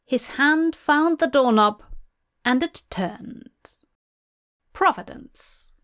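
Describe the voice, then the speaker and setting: A woman reads a fan fiction story aloud, taking her time over each sentence. Her voice sits slightly high and her delivery is slow and deliberate. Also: fairly bright tone, clean tone. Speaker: fanfiction reader. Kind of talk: storybook narration.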